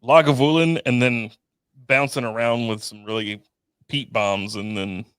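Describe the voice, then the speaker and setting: Male podcast co-host, mid pitch, easygoing short replies, dry close sound. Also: fairly even intonation, measured pace, fairly bright tone, clean tone, no room sound. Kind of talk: casual chat.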